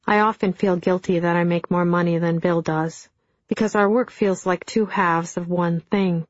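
A middle-aged woman narrating an audiobook in a dry, deadpan storytelling manner. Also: lowish voice, normal speed, no room sound. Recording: dull, dry studio sound.

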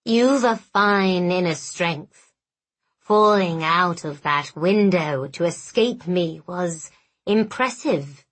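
A woman voicing a hideous male villain who speaks slowly and soothingly with quiet contempt. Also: on the low side, animated, heavily acted. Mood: silky, menacing. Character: hideous male villain luring a captive girl. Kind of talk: audiobook character voice.

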